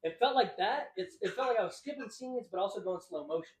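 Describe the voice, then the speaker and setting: A young man co-hosts a podcast, telling stories in a casual, rambling way, laughing often and acting out what people said. His high-pitched voice is expressive and quick. The recording is reverberant and low in quality.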